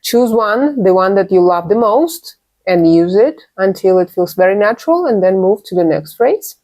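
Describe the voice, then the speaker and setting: A woman gives an English lesson in a clear, patient voice. She says each example phrase twice and stresses it so learners can copy it. Her pitch sits in an ordinary middle range. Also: expressive, moderate pace, mellow. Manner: clear, patient teaching with repeated model phrases. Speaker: English teacher.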